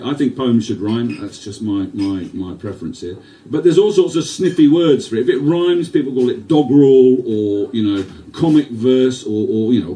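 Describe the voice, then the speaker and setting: A man reads his poems to a live audience and fills the gaps with dry, self-mocking asides. His voice is mellow and warm, and it carries from a fair way off the mic, as in a live venue recording. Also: medium pitch, far from the mic, rough recording. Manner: wry, self-deprecating, swears for laughs. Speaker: performance poet. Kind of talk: live poetry reading with banter.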